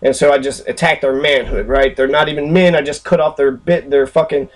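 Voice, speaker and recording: A man's voice: medium pitch, steady tone, brisk. A man ranting angrily and profanely while he walks through a screen recording, rambling and full of fillers, with a sarcastic, mocking edge. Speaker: channel host. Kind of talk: angry screen-recorded rant.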